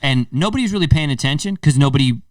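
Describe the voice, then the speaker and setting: A man's voice: a little high, fast, no echo, clean studio sound, far from the mic. A man in his thirties hosting a podcast, telling a story casually and acting out the voices in it. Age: 30s. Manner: animated storyteller, acts out quotes. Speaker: podcast host.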